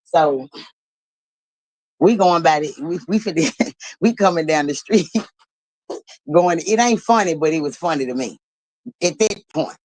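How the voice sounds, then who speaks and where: A woman hosting a livestream, telling a story in an animated, blunt and profane way and laughing as she talks. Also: low-pitched, a little slow, pauses often, no echo, poor audio. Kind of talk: casual storytelling.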